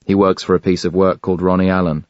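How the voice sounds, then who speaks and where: A man narrating a thriller audiobook in the first person, with a measured, even delivery. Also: deep voice, no echo, dull audio.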